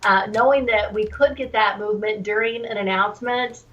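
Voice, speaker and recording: A woman calling in as a guest trader, speaking in a measured, thoughtful way with frequent ums. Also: medium pitch, fairly even intonation, a bit bright. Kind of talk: phone-in interview. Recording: dull distant phone call.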